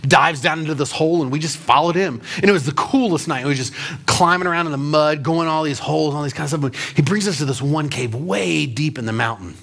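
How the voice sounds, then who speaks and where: A man's voice: fairly high pitch, brisk, gravelly, fairly bright tone. A man preaching a conversational sermon in church, telling stories and pressing his point with rhetorical questions. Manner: storytelling, emphatic with rhetorical questions. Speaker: pastor.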